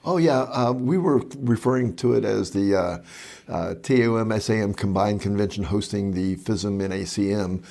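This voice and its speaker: An older man co-hosting a casual podcast, telling stories with many pauses and chuckles. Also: lowish voice, creaky, darkish tone. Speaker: podcast co-host, magic club president. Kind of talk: casual chat.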